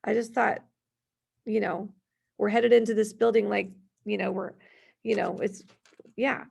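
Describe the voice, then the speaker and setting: A woman's voice: mid-range voice, fairly even intonation, unhurried, creaky, a little mellow, breathy edge. A woman in her thirties presenting a parenting workshop, chatty and telling family stories between her examples. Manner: chatty, storytelling, gives worded examples.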